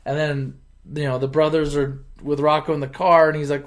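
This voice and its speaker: A man hosting his channel, casually retelling a movie plot in an animated, chuckling, conversational way. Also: fairly high pitch, a little fast. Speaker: channel host.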